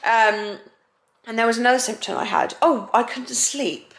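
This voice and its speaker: A woman's voice: on the high side, normal speed, vocal fry, a bit bright, slight background noise. A young pregnant woman chatting casually at home for a vlog, talkative and emotional, often giggling. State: heavily pregnant. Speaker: vlogger.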